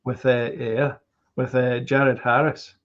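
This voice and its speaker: A Scottish co-host on a podcast speaks slowly in a mid-range, level, slightly bright voice. His talk is casual and rambling, full of fillers and restarts, and the audio comes across as dull and lo-fi.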